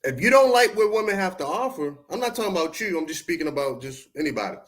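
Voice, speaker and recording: Confrontational, high-voiced podcast host. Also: male voice, animated, quick pace, few pauses, fairly bright tone. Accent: Baltimore. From Baltimore. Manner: confrontational, profane, preachy street talk. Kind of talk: heated livestream rant at chat.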